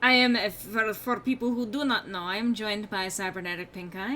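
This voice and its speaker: A woman's voice: mid-range voice, steady tone, brisk, bright, forceful tone. A woman streaming a video game, commenting casually with irreverent jokes and casual swearing. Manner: joking, irreverent, swears freely. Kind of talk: casual let's-play commentary.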